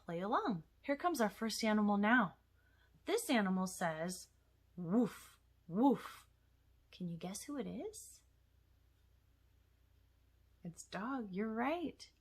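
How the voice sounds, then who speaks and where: Lively sing-song woman reading to kids. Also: medium pitch, slow pace, pauses often, breathy edge. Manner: animated and sing-song, drawing out words for young children. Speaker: children's librarian. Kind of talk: children's storytime rhyme with puppets.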